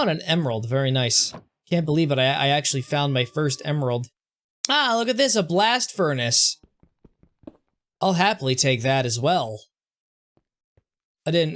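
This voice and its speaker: A young man giving casual gameplay commentary as a streamer, self-mocking and often stumbling over his words in quick restarts. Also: mid-range voice. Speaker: gaming streamer.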